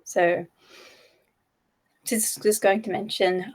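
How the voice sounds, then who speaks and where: A woman taking part in a tabletop game, describing her character's moves at a middle pitch. She hesitates often and fills the gaps with ums. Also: steady tone, a little slow. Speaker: player.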